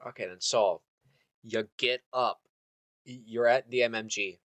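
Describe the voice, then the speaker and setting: A man running a tabletop game as game master, loose and halting, with many fillers. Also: mid-range voice, fairly bright tone, no echo.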